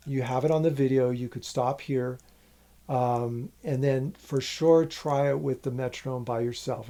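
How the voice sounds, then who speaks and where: A man teaching a rhythm lesson in a casual way, explaining counts and apologizing for his slips as he goes. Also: mid-range voice. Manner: counts rhythms aloud while playing; relaxed, apologetic asides. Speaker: music teacher. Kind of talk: casual instructional talk.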